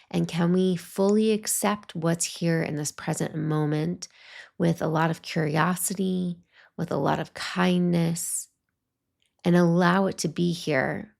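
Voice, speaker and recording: Slow, gravelly-voiced woman podcast host. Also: lowish voice. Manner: slow, soothing, gentle guiding. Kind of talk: solo reflective podcast monologue.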